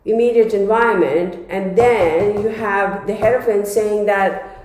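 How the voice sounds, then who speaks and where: A congested woman giving a casual tarot reading, chatty and dramatic. Her voice is mellow and dark. It rings out in a very echoey room. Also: mid-range voice, steady tone, measured pace. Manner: chatty and dramatic, addresses viewers as y'all. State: congested from a cold. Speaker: tarot reader.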